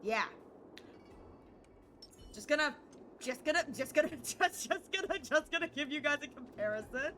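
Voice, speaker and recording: Young woman, gaming streamer, casual rambling chat, laughs a lot, slightly high voice. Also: lively intonation, moderate pace, pauses often, a bit bright, a little hiss or hum. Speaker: livestreamer.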